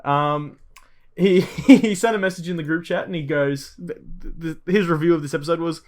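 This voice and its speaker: A man's voice: a little high, moderate pace, a little mellow. An Australian man steering the talk on a casual podcast, hesitant and full of ums. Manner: hesitant, many ums and uhs. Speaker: podcast co-host steering topics. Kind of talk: casual chat.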